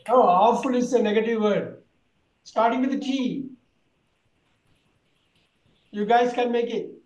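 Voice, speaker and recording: A man's voice: extremely high pitch, measured pace, a little mellow, reverberant, poor audio. A man teaching an online vocabulary lesson, repeating words and quizzing his students. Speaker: English teacher.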